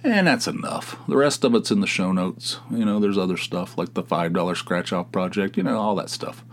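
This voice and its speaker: A man's voice: low-pitched, lively intonation, normal speed. A man from the United States hosting his own podcast, talking in a rambling, meandering, self-deprecating way. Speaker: podcast host. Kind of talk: casual solo podcast monologue.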